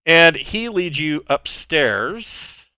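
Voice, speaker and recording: A man narrating a tabletop game as game master, in a relaxed, rambling way with many fillers. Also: on the high side, extremely slow, no echo.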